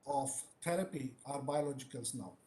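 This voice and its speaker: A man giving a formal plenary talk over a video call, speaking deliberately. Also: medium pitch, warm tone, reverberant, low-quality recording.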